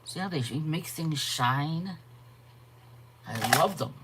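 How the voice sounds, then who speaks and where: Slow-talking chatty woman art host. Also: deep voice, animated, a bit bright, slight background noise. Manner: chatty, greets viewers by name; frequent yawns and self-corrections. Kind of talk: casual live-stream chat.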